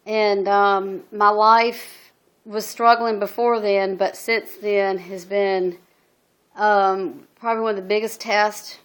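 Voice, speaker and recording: Halting, flat-voiced middle-aged woman. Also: medium pitch, clear, resonant tone. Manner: halting, many ums and restarts; earnest and emotional. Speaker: single mother telling her story. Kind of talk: personal video testimony. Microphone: phone.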